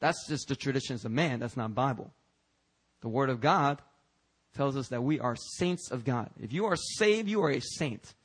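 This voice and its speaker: A man preaching a church sermon in a conversational, emphatic way, with fillers and restarts and swings between loud highs and quiet lows. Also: expressive, normal speed, husky, poor audio. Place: church service.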